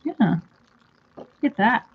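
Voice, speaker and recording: A woman's voice: fairly high pitch, lively intonation, takes it slowly, creaky, phone-quality sound, a little hiss or hum. A woman talking to her pet bird in a casual vlog, coaxing it in a sing-song baby-talk voice, recorded at home. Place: home room by a window.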